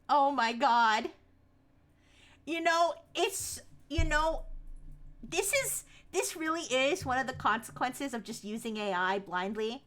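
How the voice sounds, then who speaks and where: High bright-voiced young woman streamer. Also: slow, long pauses. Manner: animated, laughing, rambling with many restarts. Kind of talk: casual live-stream chat reacting to news. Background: faint music.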